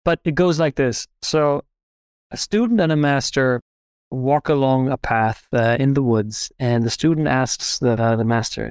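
A man being interviewed, telling a parable in a calm, measured way. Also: mid-range voice, clean tone, no echo. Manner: calm, measured, repetitive storytelling. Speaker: interview guest. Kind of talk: storytelling in conversation.

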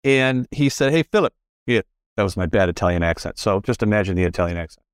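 A man's voice: sits low, expressive, quick pace, clean tone, dry recording, studio quality. A middle-aged man talking as a podcast guest in casual conversation, earnest and repetitive, often correcting himself mid-sentence.

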